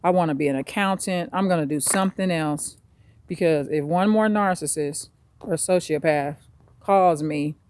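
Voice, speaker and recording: A woman's voice: sits low, normal speed, darkish tone, close to an everyday voice. A woman doing a fed-up cop venting. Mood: weary. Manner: venting, cursing, exasperated. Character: fed-up, exasperated police officer venting.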